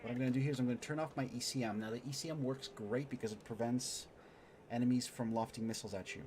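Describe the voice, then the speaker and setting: Excitable man narrating a dogfight live. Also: medium pitch, fast talker, background noise. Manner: excitable, mutters to himself mid-dogfight. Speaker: streamer teaching flight sim combat. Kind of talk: live gameplay commentary and tutorial.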